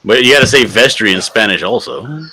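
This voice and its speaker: A man in a casual group chat, joking and thinking out loud with a lot of hesitation. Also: fairly low pitch, animated, a little fast, no room sound.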